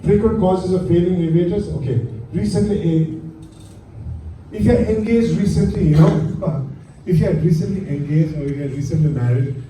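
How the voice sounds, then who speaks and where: A man lectures a class on flying, quizzing his students with rhetorical questions. His voice is mellow and dark yet fairly high, and it comes from some distance across an echoey room with a faint hum behind it. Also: normal speed. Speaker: aviation instructor.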